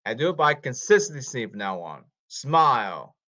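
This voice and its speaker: Man rambling commands, lively pitch. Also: normal speed. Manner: repetitive, issuing commands and calls. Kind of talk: rambling monologue.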